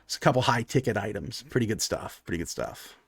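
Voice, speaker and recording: A man's voice: fairly low pitch, lively intonation, quick pace, creaky, fairly bright tone, breathy edge, dry recording, voice pushed down, full character voice. A man voicing a nervous, greasy male halfling cook on his first shift, hesitant and fumbling, full of uhs and sudden curses. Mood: gossipy.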